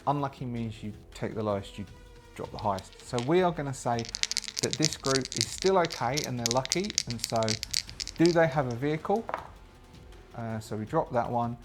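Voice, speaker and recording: Hesitant man narrating a solo tabletop game, mid-pitched, soft music underneath. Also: lively intonation, moderate pace. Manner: thinks aloud, hesitant, many restarts.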